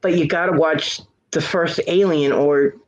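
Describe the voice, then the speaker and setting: A woman hosting a casual live stream hangout, chatting in an animated way and laughing often. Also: low voice, a little slow, muffled recording. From United States. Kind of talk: casual chat.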